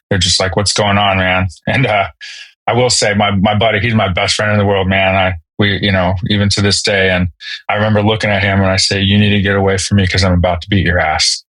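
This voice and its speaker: Man in his thirties, lowish voice, candid halting storyteller, dry close recording. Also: a bit bright, no room sound, rough recording. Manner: casual, halting, many fillers and restarts. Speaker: podcast guest, Marine veteran.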